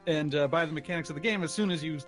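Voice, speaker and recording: A man's voice: fairly high pitch, rapid-fire, fairly bright tone, faint music behind. A man narrating as game master, playful, laughing and full of fillers.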